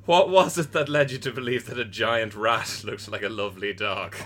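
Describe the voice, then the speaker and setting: A man's voice: fairly low pitch, moderate pace, fairly bright tone. A man co-hosting a podcast, teasing the guest with jokey questions in casual chat. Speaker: podcast co-host.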